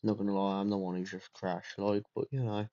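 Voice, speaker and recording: A young man talks over his racing game in a low, mellow voice, slow and unhurried even as he trash-talks. The sound is dry and a little dull, like a cheap close mic. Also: no room sound. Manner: excitable, swearing, trash-talking. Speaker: gaming video creator. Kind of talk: casual gameplay commentary.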